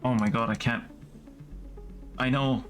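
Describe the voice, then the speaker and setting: A man streaming a story game, reading the narration aloud and commenting casually, excitable and prone to swearing. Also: medium pitch, a little slow, faint music behind.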